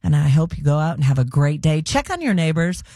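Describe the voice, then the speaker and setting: A woman's voice: low voice, sing-song, brisk, mellow, dry recording, studio quality. A woman hosting a morning radio show, chatting loosely and upbeat as she signs off with station plugs. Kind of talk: radio DJ sign-off chat. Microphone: studio microphone.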